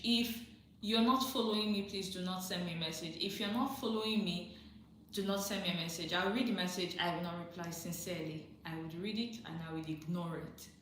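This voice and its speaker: A woman's voice: medium pitch, a bit bright. Chatty woman livestreaming in an echoey room. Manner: chatty, direct, laughs often, repeats advice for emphasis. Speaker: livestream host answering viewer questions. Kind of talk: casual live chat, reading and answering comments. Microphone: phone or computer mic on a livestream.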